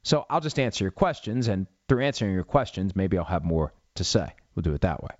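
A man's voice: low voice, sing-song, fairly quick, a little mellow, dry recording, highs cut off. A middle-aged man hosting a solo podcast, ranting with rhetorical questions and then answering listener questions. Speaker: podcast host.

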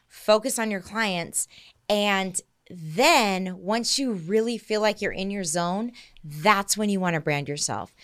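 Woman, podcast co-host, very animated pitch, laughs a lot, casual chat. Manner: animated storyteller, laughs often. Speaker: podcast co-host, listing agent.

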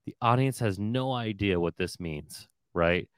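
Male podcast host, deep voice, dry close sound, rambles and restarts a lot. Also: a little slow, smooth, no echo. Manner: rambling, thinks aloud with many restarts. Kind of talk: casual interview chat.

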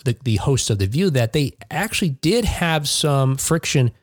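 Man co-host, husky, lively pitch, stop-start news-reading chat, dry close sound. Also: dry recording. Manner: animated, halting with many fillers and restarts. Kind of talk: casual chat.

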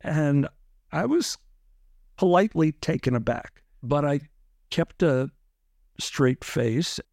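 A man's voice: a little high, animated, slow, gravelly, darkish tone, no echo, studio quality. A man, a lawyer, telling his own story in an interview and acting out other people's lines with animation.

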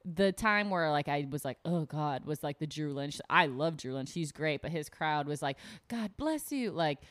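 Loud animated woman comic telling stories. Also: low-pitched, moderate pace, no room sound. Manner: animated storytelling with loud acted-out quotes, frequent "like". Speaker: stand-up comic guest. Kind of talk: casual podcast chat.

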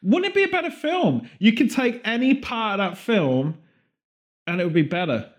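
A man co-hosting a podcast, rambling through absurd comic theories in a deadpan way. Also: sits high. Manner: rambling deadpan absurd riffs, quick bursts of put-on voices. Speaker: podcast co-host. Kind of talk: comedic podcast banter.

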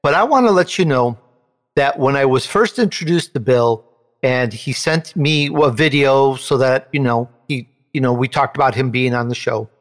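A male show host telling a personal story in an interview, animated, and he jumps up in pitch when he quotes someone. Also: normal speed, long reverb tail.

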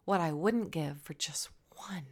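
A woman voicing a grieving, childless young wife who prays in a hushed, pained whisper. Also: low voice, unhurried. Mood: hushed anguish.

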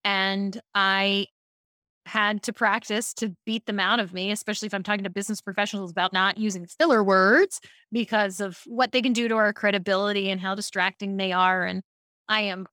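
A woman from Baltimore, a speaking coach, telling lively stories as a podcast guest. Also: mid-range voice, moderate pace, no room sound, studio quality. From Baltimore, USA. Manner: lively storyteller, animated asides. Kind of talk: casual podcast interview.

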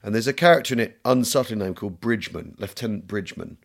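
A man's voice: lowish voice, lively intonation, quick pace, creaky. A middle-aged English man co-hosting a history podcast, joking and rambling with lots of fillers and restarts. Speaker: podcast co-host. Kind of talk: casual chat.

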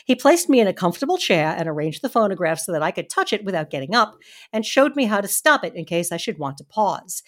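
A woman co-hosting a casual read-aloud podcast, slightly drunk, reading with sarcastic quips. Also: on the low side. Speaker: podcast co-host and reader.

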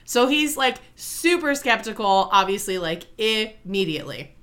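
A young adult woman casually retelling a movie plot to a co-host, talking in an animated way, full of "like" and "okay?". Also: mid-range voice, a little slow. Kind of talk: casual chat.

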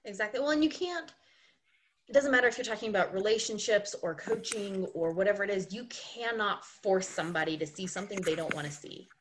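Animated woman skating coach telling stories. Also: medium pitch, fairly quick. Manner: animated storyteller, emphatic repetition. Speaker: ice skating coach, podcast guest. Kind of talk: casual interview conversation.

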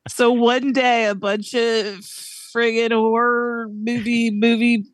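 A woman's voice: a little high, little pitch movement, slow pace, dry recording. Woman on a podcast, short crude quips, casual.

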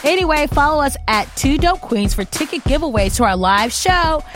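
A woman's voice: high-pitched, expressive, normal speed, over music. A woman co-hosting a comedy podcast, reading promos in a playful, jokey, bubbly way. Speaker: podcast co-host.

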